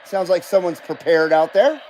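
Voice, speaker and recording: A man's voice: high-pitched, expressive, normal speed, darkish tone, slight background noise, poor audio. A man hosting a live stream in casual chat, reading viewer comments aloud and coughing now and then. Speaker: host.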